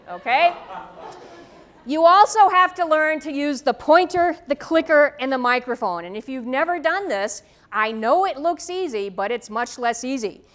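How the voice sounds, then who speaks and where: With a high-pitched, fairly bright voice, a woman professor addresses students in a lecture room, direct and firm. She often pauses to ask "okay?", and she's speaking into a tethered microphone.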